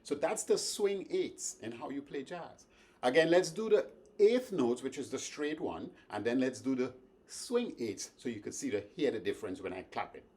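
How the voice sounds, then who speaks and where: A man's voice: medium pitch, expressive, moderate pace. A man teaching a beginners' music lesson, patiently counting beats aloud and chanting syllables to explain rhythm. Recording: loud music playing behind the voice. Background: loud instrumental music.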